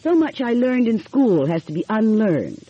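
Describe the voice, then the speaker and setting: A woman's voice: fairly high pitch, sing-song, moderate pace, dark tone, slightly rough, dry recording, lo-fi sound, pitched above the performer's own voice. A woman voicing a fussy, chatty older housekeeper who grumbles in exasperation. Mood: grumbling.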